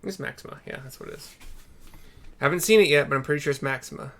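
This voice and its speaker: A man's voice: mid-range voice, fast talker, gravelly, fairly bright tone. A man casually narrating a story game for blind viewers, swearing and thinking aloud.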